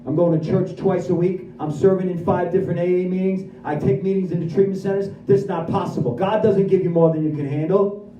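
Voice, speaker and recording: A man giving a lively personal recovery testimony at a speaker meeting, acting out his own dialogue as he goes. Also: high voice, brisk, highs cut off, a little hiss or hum. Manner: animated storyteller who acts out his own dialogue. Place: meeting room at a recovery center. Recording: echoey room, voice from far off.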